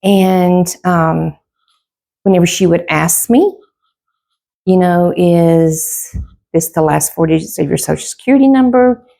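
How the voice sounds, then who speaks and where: A woman's voice: fairly low pitch, a little slow, gravelly, long pauses, warm tone. A middle-aged woman, casually telling a personal story to camera, rambling with lots of fillers and quoted back-and-forth.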